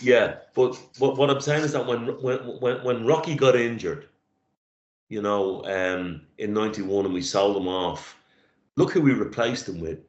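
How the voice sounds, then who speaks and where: A middle-aged man co-hosting a casual chat, reflective and halting, his voice catching with emotion. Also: lowish voice. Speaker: podcast co-host. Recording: roomy lo-fi sound.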